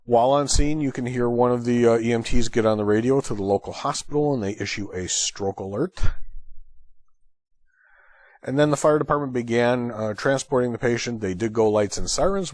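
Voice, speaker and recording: A man's voice: medium pitch, normal speed, darkish tone, dry recording. A man hosting an EMS training lecture, explaining a call in a conversational way. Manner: conversational, thinking aloud with fillers. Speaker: EMS instructor and host.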